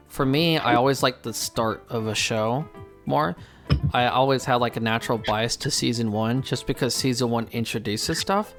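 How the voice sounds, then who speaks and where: Excitable young man reviewing anime. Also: mid-range voice. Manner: excitable, swears casually, slangy. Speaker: host. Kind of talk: casual anime review chat. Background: faint game music.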